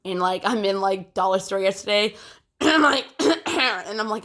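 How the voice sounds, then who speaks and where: A young woman talks casually into her phone, meandering through fillers and restarts. Her throat sounds phlegmy and she clears it often. The tone is bright and forward. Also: mid-range voice, expressive, moderate pace. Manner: rambling, filler-heavy, frequent throat clearing. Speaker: vlogger. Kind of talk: casual chat to camera.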